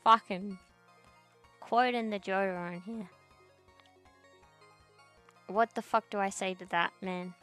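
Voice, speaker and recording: A young woman talks straight to her viewers, blunt and full of curse words and slang. Her voice sits at an ordinary middle pitch. Soft music plays faintly underneath. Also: fairly even intonation, slow, long pauses, clear, resonant tone. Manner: blunt, heavy swearing, slangy "bro". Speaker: streamer reading chat. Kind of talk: casual ranting chat.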